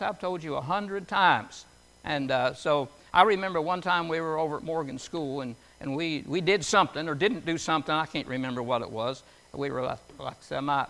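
A man's voice: a little high, fairly bright tone. A man preaching a folksy sermon, reading scripture and telling homely stories, often putting questions to his listeners in a conversational way.

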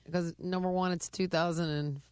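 A woman's voice: lowish voice, steady tone, fairly quick, a little mellow, clear, resonant tone, dry recording. A woman co-hosting a talk show in a casual chat, teasing and sarcastic, with dry humor, who also talks about fitness. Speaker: podcast co-host, fitness trainer.

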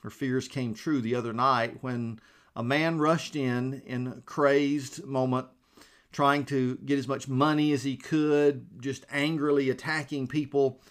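A man's voice: medium pitch, steady tone, measured pace. A man preaching a sermon in a conversational way, asking his listeners questions, calling them his friends and chuckling often.

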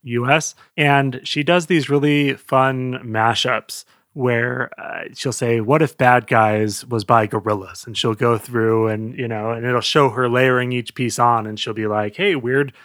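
Brief: male podcast co-host, easygoing mid-pitched voice, dry close mic. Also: fairly even intonation, a little slow, few pauses, fairly bright tone, dry recording. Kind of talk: casual chat.

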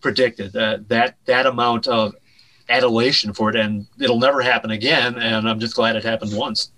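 A man, a director and writer, telling an animated anecdote as a guest in an interview, dropping his voice at punchlines. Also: medium pitch, moderate pace, poor audio. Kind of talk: storytelling in a podcast interview.

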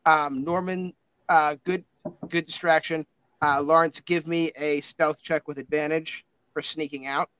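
A man running a tabletop game, loose and full of fillers as he narrates the scene. His voice is a little high and the sound is very dry, close and unroomy. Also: level tone, unhurried, bright, forceful tone, clear, resonant tone, no room sound, poor audio. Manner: loose, filler-heavy, joking. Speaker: game master.

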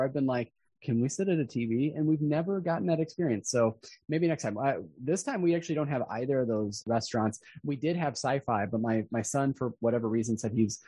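A man's voice: medium pitch, warm tone, breathy edge, dry recording. A man chatting casually on a podcast, upbeat and full of "like". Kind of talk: casual chat.

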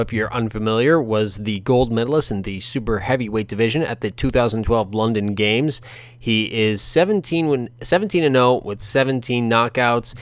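Guy ranting about boxing on his podcast, smooth clear voice, dry close sound. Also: mid-range voice, no room sound. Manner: animated, ranting, sarcastic. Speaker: podcast host. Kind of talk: opinionated boxing commentary.

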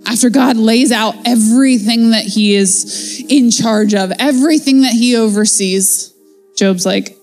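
A woman's voice: on the high side, unhurried, darkish tone, soft background music. A woman giving a casual, conversational devotional Bible teaching in a chatty, playful way.

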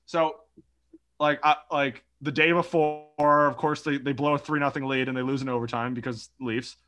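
A man's voice: mid-range voice, steady tone, moderate pace, fairly bright tone. A young man co-hosting a casual sports podcast, telling a story animatedly with swearing and laughter. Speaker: podcast co-host. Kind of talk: casual chat.

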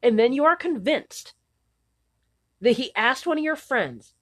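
A woman in her thirties co-hosting a casual chat, blunt and cynical, a little hoarse and often clearing her throat. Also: sits high, lively intonation, a little slow. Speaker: podcast co-host.

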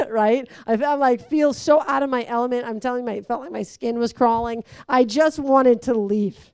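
A woman's voice: a little high, moderate pace, hardly any pauses, clear, resonant tone, dry recording. A young woman animatedly telling a personal story, acting out voices and laughing along. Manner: lively, acts out quoted voices, laughs through it.

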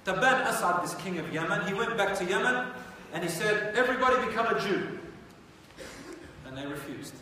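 A male religious teacher tells history in a loose, conversational way and keeps turning to his audience with questions. His voice sits somewhat high for a man. It is picked up from far off in a big hall with a long echo and faint background hiss. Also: lively intonation, brisk, few pauses, bright, forceful tone. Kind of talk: storytelling lecture.

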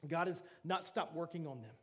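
A man's voice: fairly high pitch, expressive, fairly quick, slightly rough. A young adult man, a pastor, preaching a sermon in an earnest, emphatic way and often saying "man" to his church.

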